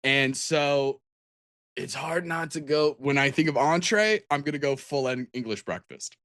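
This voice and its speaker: A man's voice: on the high side, a little slow, fairly bright tone, dry recording. Rambling man, dry close sound. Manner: rambling, full of "like"s and restarts. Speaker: podcast co-host. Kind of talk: casual chat about tabletop games.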